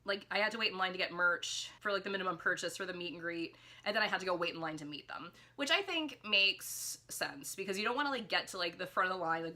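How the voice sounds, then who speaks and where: Bright-voiced woman, rambling storytime vlog. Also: lowish voice. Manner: rambling, heavy use of "like", animated quoted voices. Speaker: vlogger. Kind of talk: casual storytime chat. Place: indoors at home, ring light.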